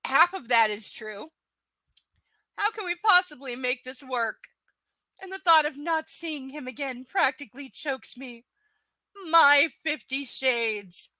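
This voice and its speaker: A woman with a high, sharp voice reads a book aloud and keeps cutting in with scornful, swearing commentary. The sound is close and dry, with no room around her. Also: slow, no echo. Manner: sarcastic, profane, exasperated asides. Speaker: live book reader. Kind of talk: live reading with ranting commentary.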